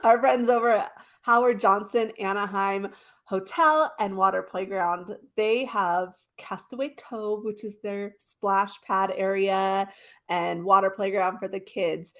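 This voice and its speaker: A woman's voice: medium pitch, steady tone, measured pace, fairly bright tone. A woman co-hosts a casual podcast chat. She sounds eager and explains things in an easygoing, detailed way. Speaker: podcast co-host.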